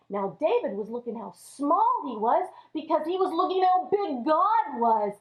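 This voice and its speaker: A woman teaching a children's Sunday school lesson, telling the story in an animated way and addressing the kids as friends. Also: high voice, normal speed, hardly any pauses. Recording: echoey room, dull lo-fi audio.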